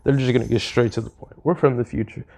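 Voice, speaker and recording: A young man casually retelling a fan story, rambling fast with slang and fillers. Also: mid-range voice, steady tone, gravelly, darkish tone.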